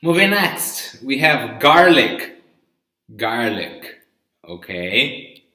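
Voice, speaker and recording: Male teacher, live vocabulary lesson, very slow and deliberate, pronunciation drills, roomy echoey recording. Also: medium pitch, lively intonation, pushed and bright. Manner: drills pronunciation, checks in with "okay?" and "right?". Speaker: English teacher. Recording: roomy echo.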